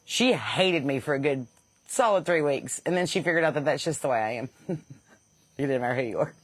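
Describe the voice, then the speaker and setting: A woman's voice: low voice, expressive, fairly quick, no room sound. A woman podcast host with a Southern accent, blunt and sarcastic in casual comedic talk, laughing at her own jokes and a bit stuffy from sinus trouble.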